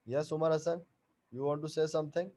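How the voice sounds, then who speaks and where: A man teaching an online class over a video call, explaining slowly and repeating each point and question. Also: on the high side, fairly even intonation, warm tone.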